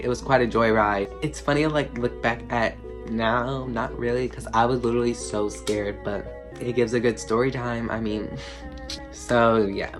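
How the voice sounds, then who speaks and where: A teenage boy with an ordinary mid-range voice tells a casual storytime to his channel. He rambles, piling on fillers and "like" as he goes. Clear background music runs under his voice. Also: medium pitch. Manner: rambling, filler-heavy, lots of "like". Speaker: vlogger.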